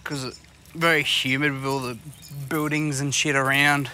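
Aussie male co-host, bright, forward voice, casual yarn-spinner who swears constantly, recorded outdoors with faint engine noise. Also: medium pitch, level tone, moderate pace. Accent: Australian. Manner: swears constantly, rambling anecdotes with laughs. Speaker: podcast co-host. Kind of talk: casual chat. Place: outdoors on a fishing boat.

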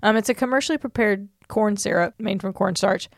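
A woman's voice: medium pitch, a little fast, no room sound. Woman, podcast co-host, reading recipes aloud, playful drawl, dry close mic. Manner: laughs often, playful drawl when reading. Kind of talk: casual chat, reading old recipes aloud.

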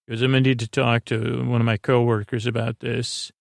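Gravelly guy mumbling thru a show recap, kinda monotone, dry close sound. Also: mid-range voice, fairly quick, dry recording. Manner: rambling, hesitant, many fillers and restarts. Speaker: podcast host. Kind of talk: sleepy recap of a TV episode.

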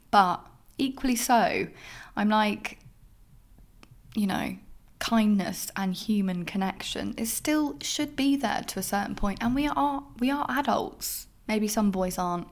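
A woman's voice: mid-range voice, measured pace. A young woman hosting a podcast alone, telling her dating stories candidly with plenty of swearing and acted-out reactions. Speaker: podcast host. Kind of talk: casual solo podcast monologue.

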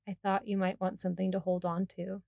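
A nonchalant adult woman who relays things flatly and matter-of-factly, voiced plainly by a woman narrator. The recording is dry and close, with mid-range pitch. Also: brisk, gravelly, dry recording.

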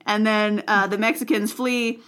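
A woman's voice: medium pitch, fairly even intonation, measured pace, fairly bright tone, smooth. A woman host recounting a history story in casual chat, joking and laughing often, with plenty of fillers. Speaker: podcast host telling history.

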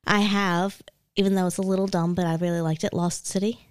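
A woman co-hosting a podcast, chatting casually in a relaxed, hedging way with fillers. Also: fairly low pitch, brisk, clean tone, dry recording, studio quality. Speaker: podcast co-host. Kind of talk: casual chat.

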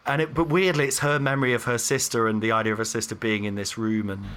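A man hosting a podcast, with a bright, forward voice. He tells stories in a loose, animated way, full of fillers and restarts. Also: medium pitch, fast talker, slight background noise. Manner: animated storytelling, many fillers. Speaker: podcast host. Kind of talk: casual chat.

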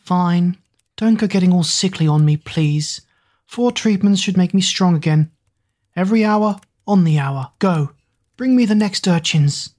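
A woman's voice: fairly low pitch, a little slow, darkish tone. A woman voicing a frail, stubborn old witch queen who speaks in an imperious, mocking way.

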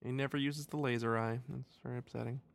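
A man's voice: mid-range voice, fairly even intonation, fast talker, gravelly, dry recording. A man co-hosting a podcast, rambling casually about a movie, laughing often and acting out silly quotes. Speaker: podcast co-host. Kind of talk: casual movie review chat.

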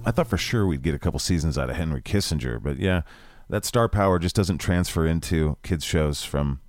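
A man's voice: extremely low pitch, a little fast. A man hosting a comedy podcast, talking casually in a self-deprecating, profane way. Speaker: podcast host.

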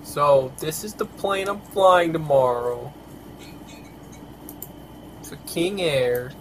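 A man's voice: a little high, lively intonation, slow, a bit bright, slight background noise, low-quality recording. A tired man hosting a podcast in casual chat, grumbling and swearing often. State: tired, yawning. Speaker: podcast host.

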